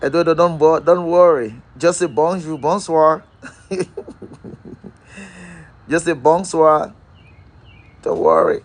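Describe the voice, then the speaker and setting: A man's voice: on the high side, normal speed, few pauses. A man hosting a live-stream motivational talk, repeating rhetorical questions and calling out viewers by name. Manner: calls out viewers' names. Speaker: host.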